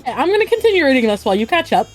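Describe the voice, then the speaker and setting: High, lively foul-mouthed woman streamer. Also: rapid-fire, soft background music. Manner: swears a lot, self-deprecating. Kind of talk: casual live gameplay chat.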